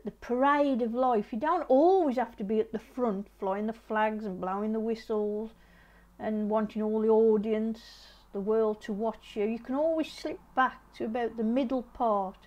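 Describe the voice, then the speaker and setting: A middle-aged woman reads tarot in a casual, chatty way. She has a slightly high voice. She repeats herself often, restarts her sentences and gently urges the listener to slow down. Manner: repetitive, restarting, gently advising. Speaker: tarot reader. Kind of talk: casual tarot reading to camera.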